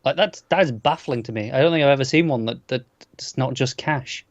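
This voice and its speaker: A man's voice: medium pitch, fairly quick, dry recording, lo-fi sound. A man co-hosting a podcast in casual chat, making wry, incredulous remarks. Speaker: podcast co-host.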